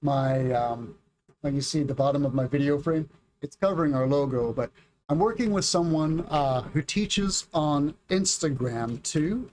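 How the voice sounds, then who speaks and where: This is a middle-aged U.S. man running an informal English class on a livestream. He reads chat messages and practices pronunciation slowly and clearly, in a fairly high voice with a darkish tone.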